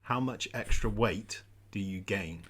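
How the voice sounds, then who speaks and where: Jokey man with a bright, forceful voice. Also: on the low side, measured pace, breathy edge. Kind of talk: casual chat.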